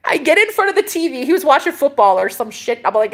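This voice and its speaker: A woman's voice: high voice, big pitch swings, fast talker. Female vlogger, sassy and dramatic, swears, casual chat with viewers. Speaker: vlogger talking to live chat.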